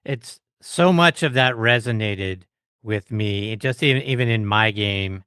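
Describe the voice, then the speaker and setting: A man's voice: fairly low pitch, a little slow, fairly bright tone, clean tone, no room sound, clean studio sound. A man hosting an interview, talking casually and self-deprecatingly with frequent restarts. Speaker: host.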